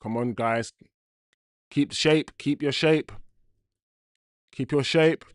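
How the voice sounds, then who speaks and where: Young man, football watchalong host, slow and slangy, very dry close-mic sound. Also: mid-range voice, no echo. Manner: loud swings from groans to shouts, slang-heavy. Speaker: watchalong streamer. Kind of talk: live football watchalong reaction.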